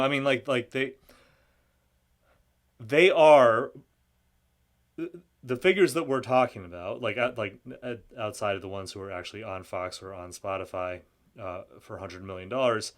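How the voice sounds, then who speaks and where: Halting low-voiced male guest. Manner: halting, frequent restarts and stammered repeats. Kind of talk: conversational political discussion.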